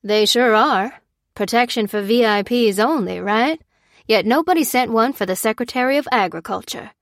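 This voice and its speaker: A man's voice: high voice, normal speed, fairly bright tone, dry recording. Woman doing a sly, bitter male medic, folksy talk, dry close sound, audiobook.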